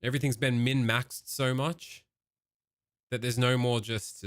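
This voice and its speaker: A man giving casual, profane reaction commentary as a streamer, given to animated rants. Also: mid-range voice, a little slow, dry recording, clean studio sound.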